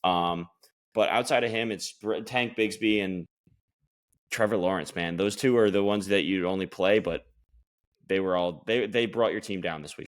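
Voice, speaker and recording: A man co-hosting a podcast, talking through fantasy football results in a relaxed, loose way with frequent restarts. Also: deep voice, normal speed. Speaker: podcast co-host. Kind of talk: casual fantasy football chat.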